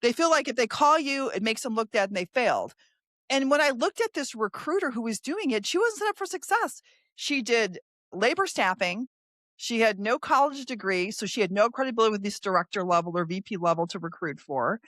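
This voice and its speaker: A middle-aged woman recruiter hosting an interview, telling stories in a quick, animated way and acting out what other people said. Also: fairly high pitch, dry recording, studio quality. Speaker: staffing recruiter and podcast host. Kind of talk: casual interview storytelling.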